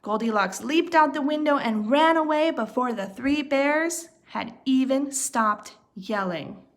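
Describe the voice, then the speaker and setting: A woman storyteller reading a children's storybook aloud, expressive and unhurried. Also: sits high.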